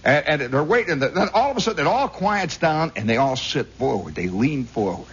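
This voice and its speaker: A man's voice: fairly high pitch, a little fast, slight background noise. A man from Indiana telling a rambling story as a radio host, on a dull 1960s radio recording. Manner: rambling, animated, husky raconteur. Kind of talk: storytelling monologue.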